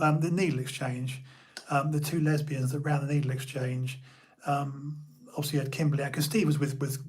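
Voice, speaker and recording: A man's voice: a little high, a little mellow, slightly rough. A middle-aged man from Bournemouth, telling old stories in a rambling casual chat full of fillers and restarts. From Bournemouth, England.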